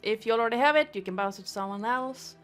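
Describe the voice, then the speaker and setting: A woman's voice: on the high side, fast talker, fairly bright tone, faint music behind. A woman acting as game master, running a tabletop session in an upbeat, easygoing way.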